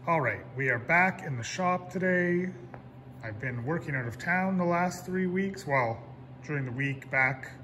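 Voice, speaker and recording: A man giving a relaxed, chatty vlog update on his projects. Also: fairly high pitch, measured pace, a little hiss or hum. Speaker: vlogger. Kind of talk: casual vlog narration.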